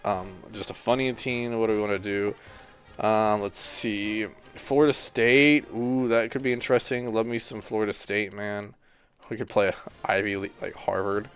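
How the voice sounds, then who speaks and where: Sleepy guy chatting over gameplay, low smooth voice, rambling thru menus, faint music behind. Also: steady tone, normal speed, a bit bright. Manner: rambling, thinking aloud while clicking through menus. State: tired and yawning. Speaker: gaming YouTuber. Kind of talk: casual gameplay commentary.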